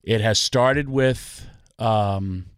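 A man's voice: fairly low pitch, drawn-out words, clear, resonant tone, dry recording, studio quality. A man ranting about wrestling on a talk show, emphatic and full of rhetorical questions. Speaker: wrestling podcast guest. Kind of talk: passionate ranting commentary.

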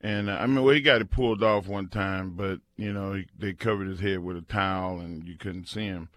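A man's voice: low voice, fairly even intonation, brisk, a bit bright, dry recording. A man co-hosting a sports radio show, talking bluntly and slipping into mock-angry rants. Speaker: radio co-host. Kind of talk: casual sports radio chat.

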